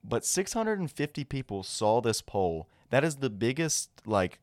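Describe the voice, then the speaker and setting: A young man co-hosting a casual podcast, rambling and relaxed. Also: mid-range voice, a little slow, no echo. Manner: rambling, relaxed, laughs often. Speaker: podcast co-host.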